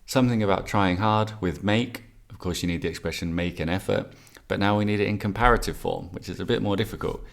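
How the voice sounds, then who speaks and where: A man's voice: low voice, fast, gravelly. A man teaching English exam answers in a video lesson, chatty and wry, with joking asides between the answers.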